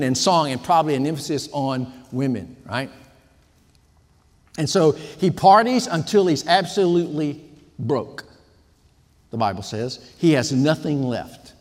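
A man's voice: on the high side, big-room sound. A man preaching a sermon, retelling a parable and voicing the characters' thoughts. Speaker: pastor.

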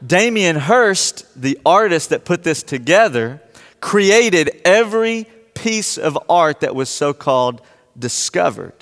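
A man's voice: on the high side, takes it slowly. Man telling a story in a reverberant hall. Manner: lively anecdotal, acts out his own reactions. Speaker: speaker addressing a live audience. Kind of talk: storytelling to an audience.

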